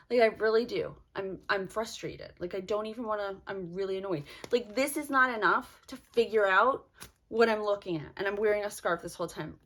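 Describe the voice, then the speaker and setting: A young woman talks through a subscription box unboxing in a loose, unscripted vlog voice, frustrated and rambling, leaning heavily on "like." Her voice is medium-pitched and fairly bright at a moderate pace.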